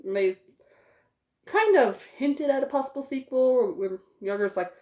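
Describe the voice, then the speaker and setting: A woman's voice: high-pitched, animated, a little slow, a little mellow. Rambling woman reviewing a movie, echoey room. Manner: rambling, with many fillers. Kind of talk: casual spoken movie review.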